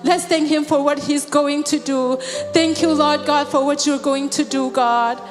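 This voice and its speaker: A woman with a high voice leads a church service in fervent prayer, ending almost every phrase with God and sometimes rising into song. Her voice rings through a large hall with a long reverb, while soft music plays behind her. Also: fairly even intonation, a little slow. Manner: repeats God after each phrase, swells into singing. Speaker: prayer leader.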